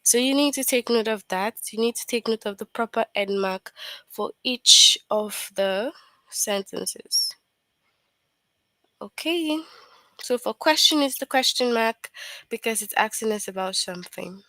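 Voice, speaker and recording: A patient woman teacher runs an online grammar lesson for small children, voice sitting a little high. She repeats each point slowly and keeps checking in with quick questions. The sound is close and dry, with no room around it. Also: sharp tone, dry recording, rough recording. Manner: patient, repetitive, checks in with "okay?" and "right?".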